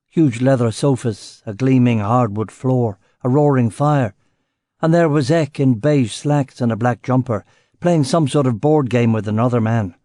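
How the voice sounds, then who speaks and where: Man reading a crime audiobook, steady and dry, mid pitch, close dry studio sound. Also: no echo. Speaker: audiobook narrator. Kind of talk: first-person audiobook narration.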